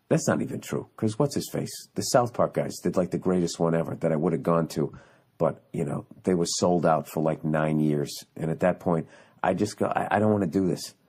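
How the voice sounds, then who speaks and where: A man with a bass voice, gravelly and husky with a darkish tone, hosts a podcast alone while on vacation away from home. His solo monologue is a sarcastic, profane rant, with occasional mocking impressions.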